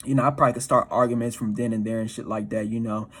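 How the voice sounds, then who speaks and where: A man's voice: medium pitch, fairly even intonation, rapid-fire, husky. A man talking casually about dating in a profane, slangy, often laughing monologue. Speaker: dating advice commentator.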